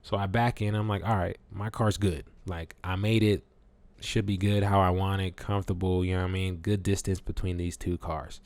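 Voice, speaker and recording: Deep-voiced man telling a casual story. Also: level tone, moderate pace, darkish tone, no echo. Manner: loose, cursing, storytelling with acted-out reactions. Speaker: vlogger. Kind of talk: casual talk to camera.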